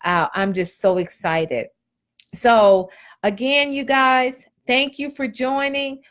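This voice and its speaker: A woman's voice: fairly high pitch, fairly even intonation, takes it slowly, fairly bright tone. A woman host giving blunt, preachy motivational advice in a casual live talk. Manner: preachy and blunt, colloquial, repeats phrases.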